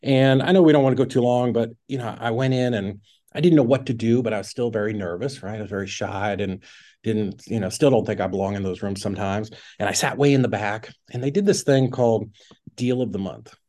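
Speaking a little fast in a fairly low, steady, mellow voice, this middle-aged real estate investor shares a story as a podcast guest. The conversation is casual; he peppers it with "like" and plays out his own past thoughts.

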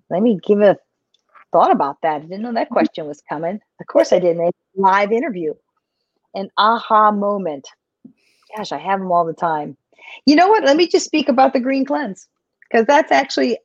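Woman health coach, chatty and animated, for a live podcast interview; dull, dry lo-fi recording. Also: medium pitch, moderate pace, no echo. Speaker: health coach and business owner.

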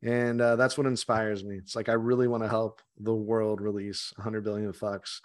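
A man's voice: fairly low pitch, flat delivery, normal speed. Laid-back man swearing freely. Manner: casual, swears freely, many restarts. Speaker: meditation guide guest. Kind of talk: casual interview chat.

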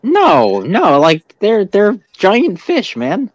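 A man joining a casual podcast chat, loud and animated as he argues a point. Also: sits high, very slow, no echo, muffled recording. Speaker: podcast co-host.

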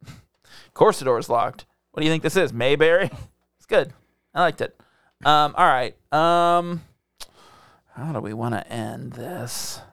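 A man's voice: a little high, unhurried, gravelly, long pauses, a bit bright, clean tone, no room sound, clean studio sound. A man co-hosting a podcast in casual chat, asking his partner curious questions. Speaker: podcast co-host.

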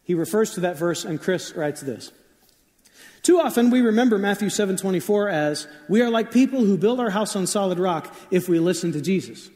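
A man's voice: sits high, animated, brisk, a little mellow, long reverb tail. A man preaching a sermon as pastor, telling stories in a conversational way with frequent shifts of pace.

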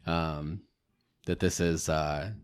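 A man's voice: a bass voice, level tone, takes it slowly, clear, resonant tone. A man co-hosting a podcast, talking casually with hesitations and restarts. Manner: hesitant, rambling with fillers and restarts. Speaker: podcast co-host.

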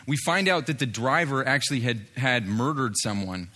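Bright-voiced man telling a testimony. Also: medium pitch, lively intonation, normal speed. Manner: storytelling with frequent fillers and restarts, acts out others' lines. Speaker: street evangelist telling a testimony. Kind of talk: spoken testimony story.

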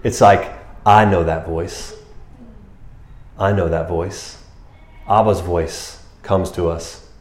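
Low-voiced man preaching in an echoey room. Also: slow, long pauses. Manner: animated, casual, keeps saying "man" and "you know". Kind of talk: conversational sermon. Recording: roomy echo.

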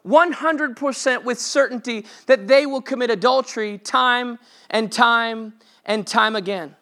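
A man's voice: extremely high pitch, a little slow, bright, forceful tone. A man preaching a sermon as pastor at a church service, impassioned and quoting scripture as he lays out numbered steps.

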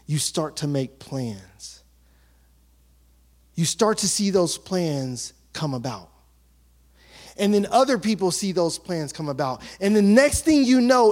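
High-voiced pastor preaching, animated storyteller. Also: male voice. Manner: animated storytelling, acting out townspeople's chatter; drops to a hush for emphasis. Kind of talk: sermon.

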